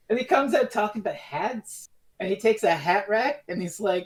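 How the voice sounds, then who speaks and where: A man co-hosting a podcast, chatting casually about a TV serial, animated and swearing freely as he acts out quotes. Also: high voice, moderate pace. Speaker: podcast co-host. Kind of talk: casual review chat.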